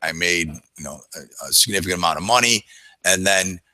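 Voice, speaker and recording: A low-pitched man tells a long personal story in a loose, rambling way, stopping and restarting often. His voice is bright and forceful, and the recording is dry and close with no room sound. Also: brisk, no echo, low-quality recording. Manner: rambling, with frequent fillers and restarts. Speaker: trader telling a story to an audience. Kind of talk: casual storytelling.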